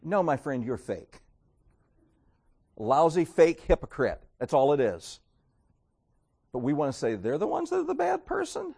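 A man's voice: on the high side, huge pitch swings, unhurried, gravelly, long pauses, a little mellow, breathy edge. A male pastor preaching a sermon, acting out mocking voices of churchgoers as he goes.

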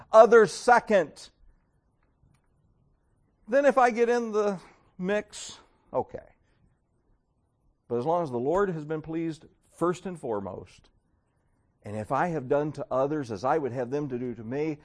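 A male pastor preaching a sermon, acting out mocking voices of churchgoers as he goes. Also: high voice.

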